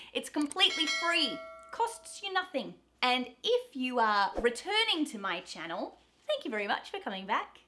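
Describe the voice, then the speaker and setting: A young woman with an Australian accent giving a pronunciation lesson to camera, cheerful and clearly enunciated. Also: fairly high pitch, fairly bright tone. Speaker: pronunciation teacher.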